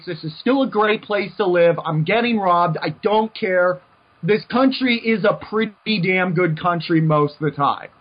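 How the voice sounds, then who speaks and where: On his podcast, an American man rants heatedly and repetitively about his opinions, tripping over himself and restarting. He talks unhurriedly in a high-sitting voice, recorded dull and lo-fi.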